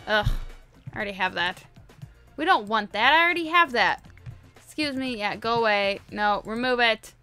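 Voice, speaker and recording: A woman's voice: a little high, lively intonation, normal speed, pauses often, bright, forceful tone, soft background music. A woman giving casual, playful let's-play commentary, chatting to her viewers and repeating herself often. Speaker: gaming video host.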